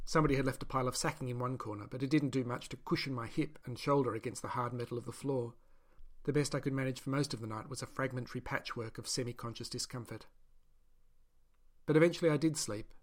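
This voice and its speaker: A man reading a first-person novel as an audiobook narrator, in a steady, measured way. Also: mid-range voice.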